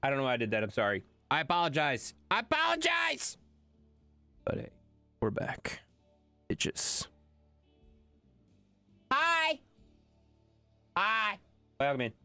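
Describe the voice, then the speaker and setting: A woman's voice: a bass voice, moderate pace, no echo, faint music behind. A woman live-streaming a game, chatting casually and jokily with her viewers and reading their messages aloud. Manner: animated, jokey, reads chat aloud and swears freely.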